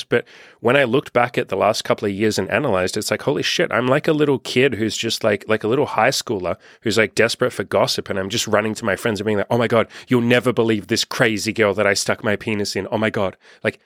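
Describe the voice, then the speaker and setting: A man's voice: lowish voice, a bit bright, no echo, clean studio sound. A man, a life coach, talking in a casual self-help monologue, frank and profane, acting out his own inner questions.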